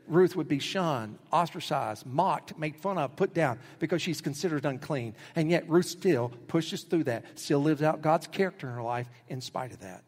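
A middle-aged male pastor preaching a sermon, telling stories animatedly and acting out quotes with sudden jumps in pitch. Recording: husky voice with long hall reverb.

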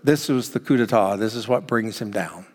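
A man's voice: fairly low pitch, normal speed. A man preaching a sermon, reading scripture and acting out its quotes with dramatic emphasis. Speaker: pastor. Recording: long hall reverb.

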